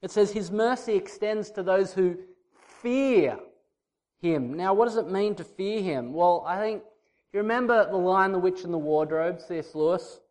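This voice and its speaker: Male preacher, high-pitched, casual and direct with his congregation. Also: normal speed, a little mellow. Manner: conversational, teasing the congregation. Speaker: pastor. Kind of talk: sermon.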